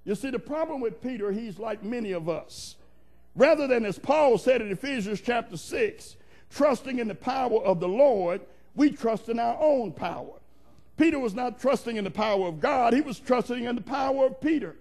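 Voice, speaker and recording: A male preacher delivering a sermon with emphatic, rhythmic build-ups and repeated phrases. His voice sits high and carries a gravelly fry. He calls out to his congregation as he goes. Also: expressive, moderate pace, darkish tone. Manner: repetitive, building cadence.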